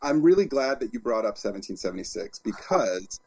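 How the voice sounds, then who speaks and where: A man, an author and guest, talking in an interview as an animated storyteller with frequent restarts. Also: lowish voice, brisk, gravelly, slight background noise. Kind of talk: interview conversation.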